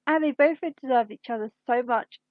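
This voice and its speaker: A woman reading a fan story aloud in an unhurried storytelling manner, with occasional slips. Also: high voice, no room sound, narrow, tinny audio. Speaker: fanfiction reader.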